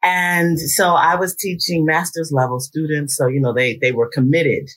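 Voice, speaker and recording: A middle-aged woman, a psychologist guest on a radio talk show, speaking warmly and with enthusiasm. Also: deep voice, normal speed. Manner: warm, enthusiastic, expressive talker.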